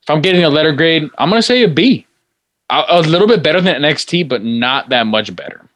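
A man's voice: fairly high pitch, lively intonation, fast, a bit bright, no echo. A man co-hosting a casual wrestling podcast, recapping matches play-by-play. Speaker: podcast co-host. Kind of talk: casual chat.

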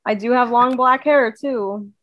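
A woman's voice: fairly high pitch, measured pace, a bit bright, no room sound, lo-fi sound. A woman co-hosting a podcast in casual, upbeat chat, full of "like" fillers. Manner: chatty, upbeat, many "like" fillers. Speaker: podcast co-host.

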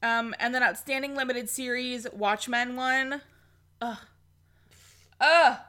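A young woman co-hosting a podcast in casual chat, excitable and gushing, swearing freely. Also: a little high, slow, clear, resonant tone. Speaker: podcast co-host.

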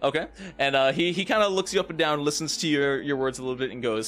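A man's voice: a little high, fast, few pauses, a bit bright, faint music behind. A man running a tabletop game as game master, narrating scenes vividly and with suspense. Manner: vivid, suspenseful description with playful asides.

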